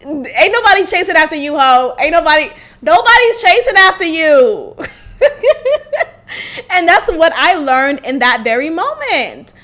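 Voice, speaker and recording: A woman's voice: extremely high pitch, big pitch swings, a little slow, a bit bright. A young woman hosting a podcast, telling a candid story in a blunt, profane way and laughing often. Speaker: podcast host.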